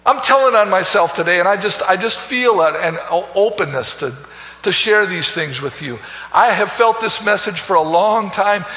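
A man preaching a sermon, swinging between soaring loud calls and hushed low phrases and repeating words. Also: lively intonation, moderate pace. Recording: echoey hall, dull lo-fi sound.

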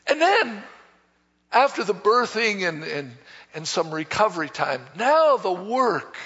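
A man preaching a sermon, folksy and animated, acting out bits of dialogue as he tells stories. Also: very high-pitched. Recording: dull echoey hall from a distance.

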